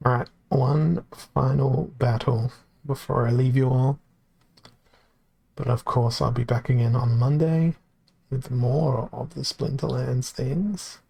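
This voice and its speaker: A male streamer with a gravelly, fry-edged voice of middling pitch, talking through his card game live. He is wry and self-deprecating, thinking out loud as he picks his moves. His voice sounds worn, as if he is losing it. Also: fairly even intonation, takes it slowly. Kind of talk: casual live-stream commentary.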